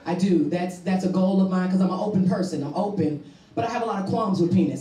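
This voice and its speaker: A woman's voice: fairly low pitch, lively intonation, fast, distant mic. A woman performing a stand-up comedy set on a club stage, brash and bawdy, repeating her punchlines for effect. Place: comedy club stage before a live audience. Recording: roomy live recording from off-mic, loud audience laughter.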